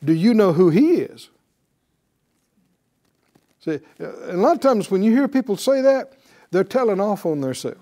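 A man's voice: sits high, moderate pace, pauses often. A man teaching a sermon, asking rhetorical questions and acting out the people in the story. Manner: animated, acts out quoted voices, rhetorical questions. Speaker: preacher.

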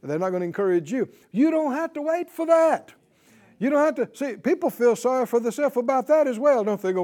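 Middle-aged male preacher, high-pitched and highly animated, chuckles a lot and swings from hushed to loud. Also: a little fast. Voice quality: lively, swooping delivery that drops low and quiet then bursts loud and high. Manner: chuckles through his lines, mimics whiny voices, pleads and exhorts. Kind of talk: sermon.

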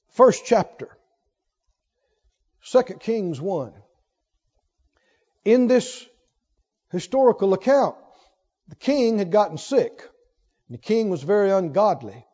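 A man's voice: high-pitched, big pitch swings, slow, pauses often, mellow. A man preaching a sermon who puts rhetorical questions to his congregation. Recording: long hall reverb, dull lo-fi sound.

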